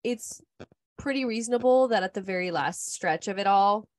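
A woman in her thirties talking casually as a podcast co-host. She tells personal stories in a candid, rambling way, often leaning on "like". Her voice sits at a middling pitch. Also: moderate pace, no room sound, studio quality. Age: 30s. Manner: candid, rambling storytelling with frequent "like". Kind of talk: casual chat.

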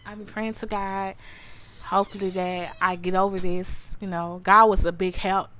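A woman's voice: mid-range voice, flat delivery, normal speed, pushed and bright. A young adult woman hosting her own podcast, telling her personal story to listeners in an earnest, repetitive way and calling them honey. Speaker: podcast host. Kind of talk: personal testimony to a live audience.

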